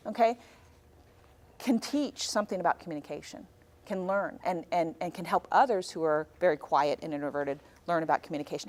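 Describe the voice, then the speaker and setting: Animated woman speaker in a classroom. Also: on the low side. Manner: animated storyteller, acts out dialogue. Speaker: guest speaker. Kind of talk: classroom talk to high school students.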